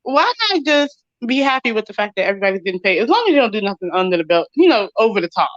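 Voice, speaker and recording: A woman in her thirties co-hosting a casual livestream chat, relaxed and laughing often. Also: medium pitch, very fast, dry recording. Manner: relaxed, laughs often, says "you know what I'm saying". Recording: dull dry lo-fi audio.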